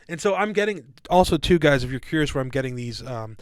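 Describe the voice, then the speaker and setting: A man's voice: on the high side, expressive, fast, clear, resonant tone, dry recording. A man co-hosting a casual podcast discussion, talking in a rambling way with many fillers and restarts. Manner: casual, calls listeners "guys" and "dude". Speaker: podcast co-host.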